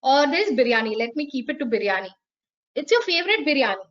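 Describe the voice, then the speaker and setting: Woman, high voice, lively teacher, dull lo-fi audio. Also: fast. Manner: animated, acts out examples. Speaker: teacher trainer. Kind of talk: online lecture answering questions.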